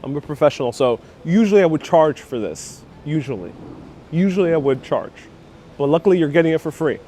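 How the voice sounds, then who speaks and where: A man with a slightly high, warm voice, lively intonation and a fairly quick pace hosts a casual live stream outdoors on a rainy city street. Joking and self-deprecating, he reads chat messages aloud through a wireless clip-on mic on a phone rig, with slight background noise.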